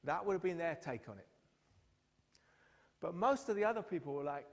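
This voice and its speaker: A man's voice: on the high side, moderate pace, long pauses. A man preaching a sermon, telling the story with acted-out quotes. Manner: storytelling, acts out quotes with lively voices. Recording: long hall reverb.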